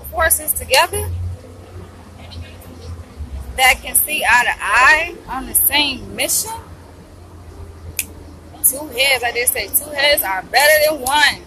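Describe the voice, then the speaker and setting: Vlogger woman, slightly high voice, gushing to her viewers while eating, road noise behind her. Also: slow, long pauses. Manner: excited, gushing, addresses viewers as y'all. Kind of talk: casual vlog to viewers.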